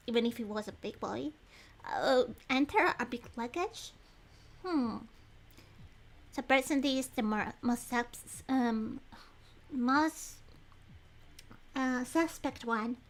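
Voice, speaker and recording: A woman talks through a detective game on a livestream, thinking out loud about clues. Her voice sits high, and she rambles excitedly, often breaking off to apologize to her viewers. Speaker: streamer playing a detective game. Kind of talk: casual livestream chat.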